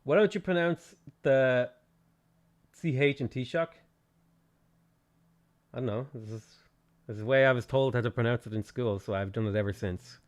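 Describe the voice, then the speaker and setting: An Irish man talks loosely through a game stream, picking up viewer messages and answering each one as he plays. His voice sits at an ordinary middle pitch, and he talks in a relaxed, rambling way. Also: normal speed, pauses often. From Ireland. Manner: chatty, reads viewer messages aloud and answers them. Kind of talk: casual gaming stream chat.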